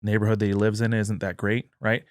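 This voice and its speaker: Man, low voice, earnest, dry close sound. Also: little pitch movement, a little fast, no room sound. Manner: earnest, acts out quoted dialogue. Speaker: podcast guest, party chair. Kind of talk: political discussion.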